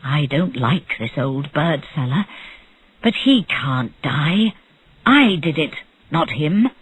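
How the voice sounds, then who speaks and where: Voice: medium pitch, big pitch swings, takes it slowly, fairly bright tone, breathy edge, dry recording, exaggerated voice. Narrator voicing a worried scheming doctor. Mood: earnest. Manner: anxious, scheming.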